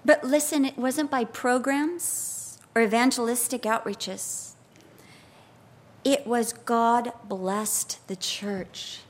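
A woman preaching a sermon, telling stories with lively acted-out quotes. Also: on the high side, slow pace. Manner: animated, expressive storytelling with acted-out quotes.

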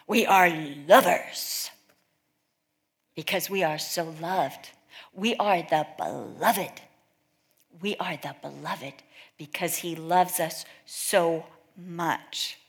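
A middle-aged woman from California giving an informal talk to a women's Bible study, chatty and full of anecdotes where she acts out what other people said. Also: on the low side. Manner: chatty storytelling, acts out quoted voices.

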